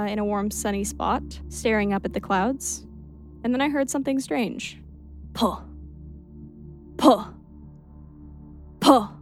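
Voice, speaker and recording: Woman narrator, creepy story read aloud, steady telling, casual asides, faint music underneath. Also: fairly high pitch.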